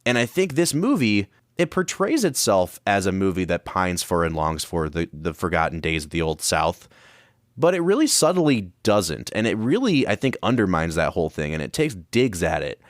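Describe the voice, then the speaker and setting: A man's voice: sits low, dry recording, studio quality. A man co-hosting a film podcast, talking through his analysis in a thoughtful, casual way. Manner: thoughtful, analytical, building arguments. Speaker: podcast co-host.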